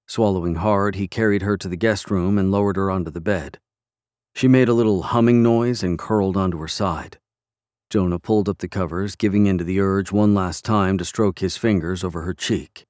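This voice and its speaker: A man narrating an audiobook in a calm, measured way. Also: low-pitched, no echo, clean studio sound.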